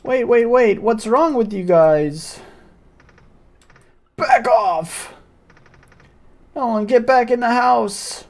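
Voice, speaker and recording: A man's voice: very high voice, lively intonation, slow, creaky, long pauses, pitched above the performer's own voice, full character voice. A man voicing an earnest young male hero, reading his lines with urgency. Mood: urgent.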